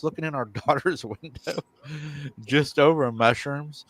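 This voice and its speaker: A man's voice: fairly high pitch, unhurried, no echo. Guy on a live stream telling a viewer's story, laughs a lot, dry sound. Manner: animated storytelling, chuckling often. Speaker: paranormal show host.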